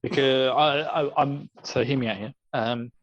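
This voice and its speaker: A man's voice: mid-range voice, fairly even intonation, normal speed, a little hiss or hum. A man co-hosting a book podcast who chats in a jokey way and laughs often. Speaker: podcast co-host. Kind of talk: casual chat. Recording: dull lo-fi recording.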